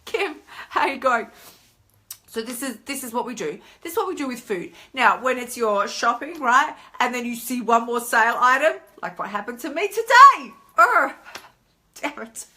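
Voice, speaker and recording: An Australian woman in her thirties talking casually on a live stream as a coach, chatty and animated, acting out inner voices. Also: on the high side, normal speed. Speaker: weight-loss coach hosting a live stream.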